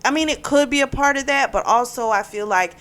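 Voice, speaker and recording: A woman's voice: high-pitched, brisk, a bit bright. A woman casually recapping a romance novel for her book channel, chatty and full of fillers. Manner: chatty, retells plot with many fillers. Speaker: book reviewer.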